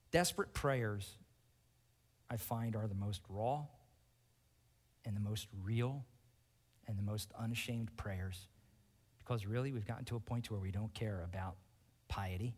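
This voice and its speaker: Emphatic preacher in a reverberant hall. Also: male voice, medium pitch, unhurried. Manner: emphatic, swinging between loud and hushed, checking in with the congregation. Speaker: pastor. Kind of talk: sermon.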